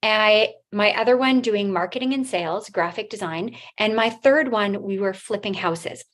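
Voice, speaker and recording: A middle-aged woman with a non-native English accent, giving a motivational talk on stage in a halting way, with restarts and acted-out quotes. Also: medium pitch, a bit bright. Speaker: motivational speaker.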